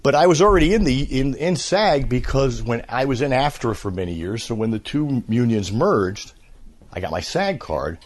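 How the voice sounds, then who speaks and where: A man in his fifties, a voice actor, telling stories in a casual interview with an animated, filler-laden manner. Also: medium pitch, normal speed. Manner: animated storyteller, many fillers. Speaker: voice actor, guest.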